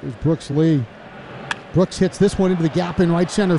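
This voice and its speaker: A man calling a baseball game play-by-play, chatty and laughing between pitches. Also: moderate pace, gravelly, background noise. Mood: excited. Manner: chatty, laughs between calls, gets loud and excited on big plays. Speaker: play-by-play announcer.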